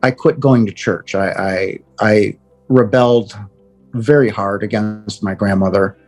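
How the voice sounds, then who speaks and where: Earnest middle-aged man, halting testimony. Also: lowish voice, fairly even intonation, a little mellow, faint music behind. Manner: earnest, halting with repeated words. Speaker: guest telling a near-death experience. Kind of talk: personal testimony.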